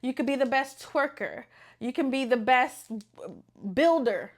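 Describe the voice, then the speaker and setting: A young adult woman hosting a podcast, talking unscripted in a blunt, animated and profane way. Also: high-pitched, measured pace. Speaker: podcast host.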